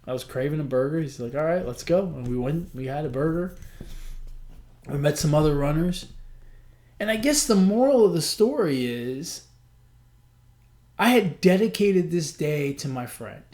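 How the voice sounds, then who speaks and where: A male podcast host tells a long personal story in a loose, conversational monologue. His voice sits slightly high for a man. He keeps it animated and acts out the back-and-forth of the people in it. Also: moderate pace, long pauses. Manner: animated, acts out quoted dialogue; chatty, frequent "I'm like" and "he goes".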